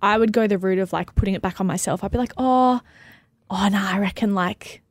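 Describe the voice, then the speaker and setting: A woman co-hosting a podcast in casual chat. She talks in an easygoing way, full of fillers and quick asides. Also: medium pitch, no room sound. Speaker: podcast co-host.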